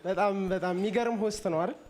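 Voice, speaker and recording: A male comedian opens his stand-up set at a breakneck pace, with a fairly high voice. He chats and ribs the host, slipping English phrases in between. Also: racing, a little mellow, a little hiss or hum. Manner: chatty, teasing the host, switching into English phrases.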